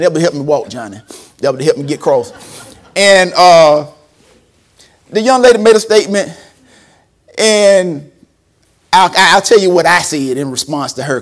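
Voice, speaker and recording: A man preaching a storytelling sermon, acting out quotes and laughing often. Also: sits high. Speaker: preacher and former school principal.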